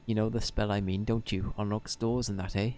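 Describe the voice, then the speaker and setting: A man's voice: lowish voice, level tone, brisk, darkish tone, faint music behind, close to an everyday voice. A man voicing a cheeky little male fairy sidekick in a game, in a put-on Welsh accent with chummy, slangy talk. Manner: chummy, colloquial, rough-edged slang.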